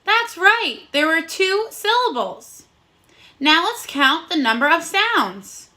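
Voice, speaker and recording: A woman leads a phonics lesson for young children in a high, bright voice. She speaks slowly and clearly, sounding out words one by one. Her tone stays encouraging throughout. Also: sing-song. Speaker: first grade teacher.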